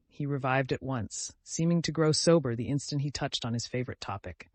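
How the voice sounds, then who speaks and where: A man narrating a classic novel as an audiobook with measured, expressive reading. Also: mid-range voice, no room sound.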